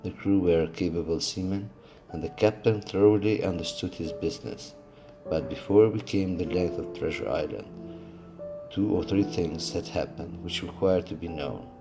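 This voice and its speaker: A man reading a classic adventure novel aloud, steady but with occasional slips and restarts. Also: low voice, moderate pace, over music. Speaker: audiobook reader.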